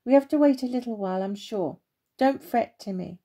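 A woman voicing a gentle, wise old male oak tree in a children's storybook, reassuring and kind. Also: fairly high pitch, moderate pace, dull audio.

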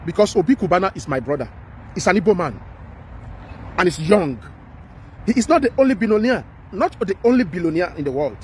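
A social commentator with a Nigerian accent delivers impassioned commentary, emphatic and repetitive, pleading with his listener. His high-sitting voice is very animated and a little fast, with frequent pauses. There's slight background noise.

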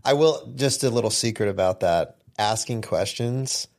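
A man hosting a faith podcast in casual conversation, relaxed and quick to laugh, often trailing off softly. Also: fairly low pitch, gravelly. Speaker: podcast host.

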